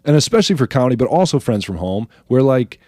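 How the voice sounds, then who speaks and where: A man, a comedian from New Jersey, telling a story in casual chat, animated, swearing and acting out the people he quotes. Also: mid-range voice, quick pace, dry recording, studio quality. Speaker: comedian guest.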